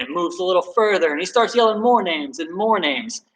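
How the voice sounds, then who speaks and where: A man with a fairly high voice leads a workout and tells a story in a relaxed, chatty way. He is friendly and self-deprecating, a soccer coach talking to his players. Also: fairly quick, few pauses, poor audio. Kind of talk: casual workout video and storytelling.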